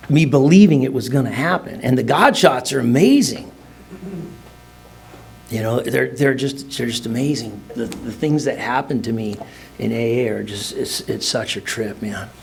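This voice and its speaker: A man's voice: mid-range voice, gravelly, slightly rough. A middle-aged man speaking at a recovery meeting, telling his personal story in a rambling, humorous way with casual slang. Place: meeting room.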